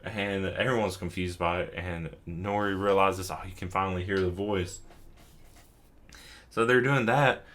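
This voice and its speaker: A man's voice: deep voice, unhurried, a bit bright. A drunk young man hosting a casual anime recap, rambling with lots of fillers, swearing and chuckling. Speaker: host.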